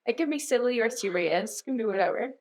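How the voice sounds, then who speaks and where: A woman's voice: on the high side, animated, fast. A young woman co-hosting a podcast, tossing in dry joking asides and asking the questions. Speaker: podcast co-host. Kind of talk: casual chat.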